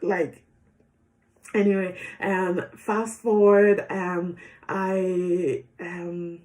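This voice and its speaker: A woman's voice: on the low side, little pitch movement, extremely slow. Chatty young woman telling her story. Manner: chatty, many fillers and soft laughs. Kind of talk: casual personal testimony.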